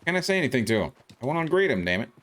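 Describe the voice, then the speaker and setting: A man's voice: fairly high pitch, big pitch swings, very fast, fairly bright tone. A man born in South Africa, chatting casually and rambling as he streams a video game. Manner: rambling, chatty, reacting to gameplay. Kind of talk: casual gameplay commentary.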